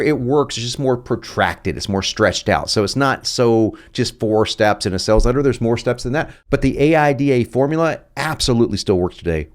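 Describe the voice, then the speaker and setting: A man hosting a copywriting video lesson, talking in a jokey, playful and emphatic way. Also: mid-range voice. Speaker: host.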